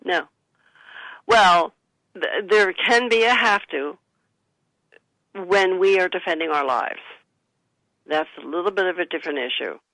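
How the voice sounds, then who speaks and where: A woman's voice: fairly low pitch, measured pace, long pauses, bright, forceful tone, no room sound, rough recording. A woman who is an author, giving earnest advice as a guest in a radio interview. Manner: earnest, advising, gives listeners example phrases. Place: studio.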